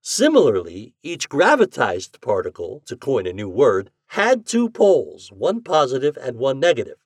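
A man reading an audiobook voices a cheerful, eccentric scientist who lectures with drawn-out emphatic stresses. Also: mid-range voice, huge pitch swings, breathy edge, no room sound, studio quality, heavily acted. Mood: lecturing. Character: eccentric male scientist, cheerful self-declared mad genius.

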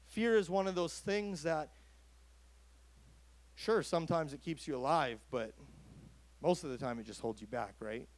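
A man's voice: on the high side, unhurried, long pauses, no echo. A man preaching a sermon as a pastor, talking in a conversational way that rises to emphatic calls.

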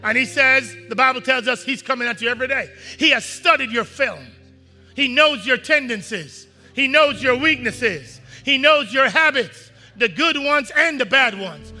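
A man preaching a sermon, reading scripture with the congregation and breaking off to explain it, often rising to shouts. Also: very high voice, in a large hall. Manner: preaching with call-and-response to the congregation. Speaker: pastor.

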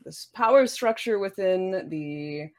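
A woman voicing a polite, reserved changeling who speaks in a courteous, measured, slightly formal way. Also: medium pitch, animated. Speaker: player.

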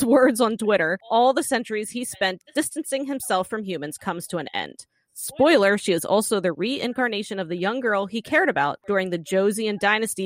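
A woman's voice: medium pitch, no echo. A woman co-hosting a podcast, playfully reading a prepared show intro with jokes. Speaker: podcast co-host. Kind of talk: casual chat and read review intro.

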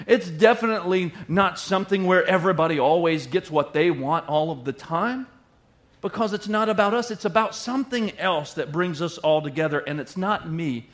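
A man's voice: high-pitched, a bit bright. A middle-aged male pastor preaching a sermon in a playful way, repeating lines for emphasis.

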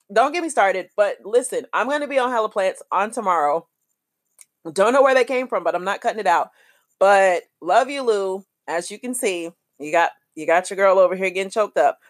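A woman podcast host, talking in a lively, chatty, affectionate way full of slang as she wraps up her show. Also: on the low side, no echo, clean studio sound. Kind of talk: casual podcast outro.

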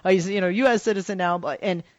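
A woman's voice: mid-range voice, fast talker, no echo, muffled recording. Chatty female radio talk host. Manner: chatty storyteller, many fillers. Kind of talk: casual call-in radio chat. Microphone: studio microphone.

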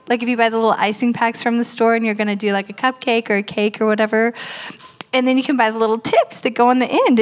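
A woman who mentors people spiritually, talking in a bubbly, chatty way with many fillers. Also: fairly high pitch. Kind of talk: casual chat.

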